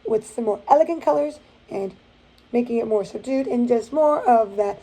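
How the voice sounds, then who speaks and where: Bubbly high-voiced woman narrating nail art. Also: dark tone, breathy edge, poor audio. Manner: bubbly, playful, drawn-out exclamations. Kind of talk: voice-over narration of a nail tutorial.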